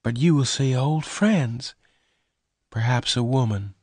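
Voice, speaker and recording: A man voicing a gentle young woman in a read-aloud story, speaking softly and earnestly in a raised voice. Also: lively intonation, measured pace, no echo. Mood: worried. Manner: soft, earnest, pitched well above his own voice.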